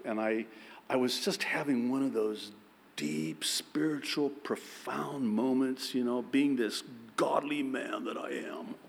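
Brief: male preacher, unhurried sermon delivery, playful self-deprecation, church reverb. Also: medium pitch, darkish tone. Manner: self-deprecating storytelling, acts out quotes. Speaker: pastor.

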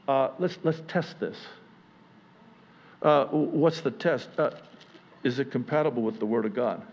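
A man's voice: medium pitch, slow, pauses often, lo-fi sound. Impassioned male pastor preaching a sermon. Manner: impassioned, rises to near-yelling then settles conversational. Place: church service.

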